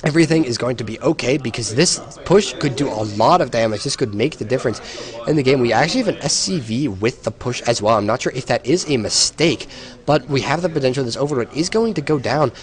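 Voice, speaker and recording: A man's voice: medium pitch, expressive, fast. A tired man giving solo play-by-play commentary on a strategy game, explaining the action with some hesitations. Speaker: esports caster.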